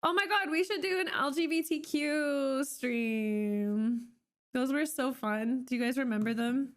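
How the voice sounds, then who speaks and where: A woman's voice: sits high, measured pace. A young woman from Canada chatting casually on a live stream, rambling with many fillers and restarts.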